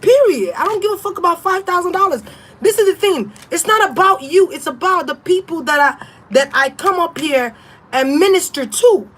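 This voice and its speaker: A woman's voice: very high voice, lively intonation, moderate pace, a bit bright. A woman tarot reader ranting on a casual livestream, blunt, profane and defiant, laughing often.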